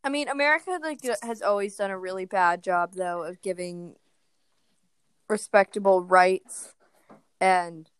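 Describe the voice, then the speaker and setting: A young woman from Maryland in casual chat, animated and opinionated, with frequent likes. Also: medium pitch, unhurried, clean tone, no room sound.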